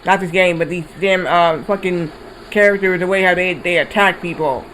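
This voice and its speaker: A man's voice: high voice, normal speed, a little hiss or hum, rough recording. A man streaming a video game, telling a rambling story with casual swearing. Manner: rambling, animated retelling with swearing. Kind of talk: casual storytelling while gaming.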